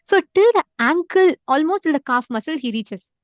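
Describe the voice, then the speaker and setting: A spiritual teacher with a high voice tells a sacred story to an online class, speaking with lively energy at normal speed. She repeats words for emphasis and uses lots of fillers. The audio is dry and close with no room sound.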